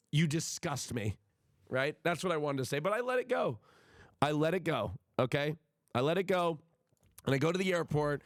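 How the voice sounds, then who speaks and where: A man streaming live, telling a travel story to his chat in an animated, profane and exasperated rant. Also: fairly high pitch, dry recording, clean studio sound.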